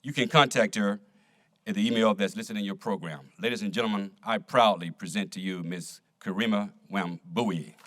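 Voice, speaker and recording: A man's voice: on the low side, moderate pace, fairly bright tone. A man emceeing an event in an auditorium, making formal stage introductions. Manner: formal announcing.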